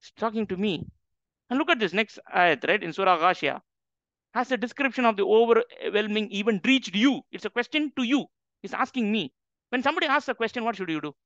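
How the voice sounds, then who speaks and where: A male Islamic teacher giving a Quran lecture has a high-sitting, slightly bright voice with lively intonation and a brisk pace. He's emphatic, often asking his audience rhetorical questions, and the recording is dull, lo-fi, and dry.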